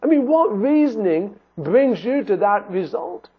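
A man with a high, husky voice preaches a sermon, pressing his listeners with pleading rhetorical questions. The sound is thin and narrow, like a phone line. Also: big pitch swings, a little slow.

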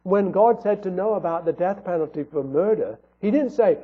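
A man's voice: high voice, normal speed, few pauses, slightly rough. A man preaching a sermon in an earnest tone, asking rhetorical questions. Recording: tinny phone-like audio.

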